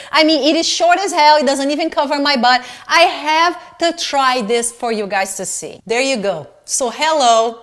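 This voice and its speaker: Casting: middle-aged woman, somewhat high voice, fired-up and indignant, swearing loosely in a home vlog. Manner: animated, indignant, swearing freely. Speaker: fashion vlogger. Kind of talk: casual vlog rant.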